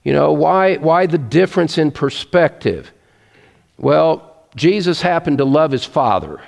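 A man's voice: a little high, animated, measured pace, creaky, big-room sound. A man preaching a sermon, earnest and emphatic, repeating his key points.

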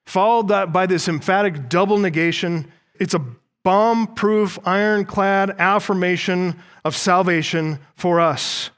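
A man's voice: high voice, steady tone, a little slow, a bit bright, smooth. A male pastor preaching a sermon, emphatic and earnest, often asking his listeners rhetorical questions.

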